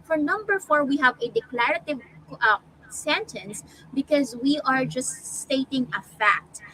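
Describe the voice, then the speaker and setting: Filipino woman co-tutor, high voice, encouraging prompts, faint noise. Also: animated, a little slow, sharp tone, low-quality recording. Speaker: online co-tutor. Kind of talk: live online lesson.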